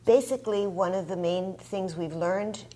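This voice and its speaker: A woman scholar explaining her research in a measured, academic way. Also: mid-range voice, mellow. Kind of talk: explanatory discussion.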